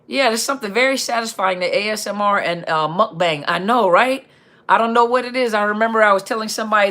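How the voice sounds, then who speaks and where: A woman hosting a live Q&A stream, chatting casually and reading out viewer comments in an upbeat, chatty way. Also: fairly bright tone. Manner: upbeat, chatty, reads out viewer comments with quick pitch jumps.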